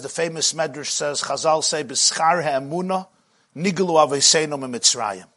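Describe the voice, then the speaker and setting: Animated husky rabbi giving a lecture. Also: male voice, a little high. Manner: animated, rises to shouting when retelling the midrash. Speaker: rabbi teaching Torah class. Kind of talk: lively Torah lecture.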